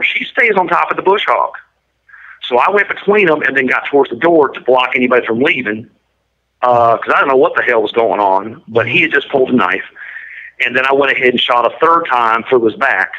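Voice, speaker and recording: A man's voice: medium pitch, bright, forceful tone. A man giving an interview and telling a story in a blunt, matter-of-fact, detailed way. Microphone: prison phone line. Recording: muffled lo-fi line.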